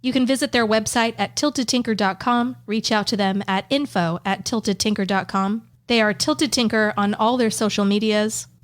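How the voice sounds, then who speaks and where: A woman's voice: medium pitch, fairly even intonation, normal speed, hardly any pauses. A woman co-hosting a podcast, chiming in with dry, teasing remarks. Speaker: podcast co-host. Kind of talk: casual chat.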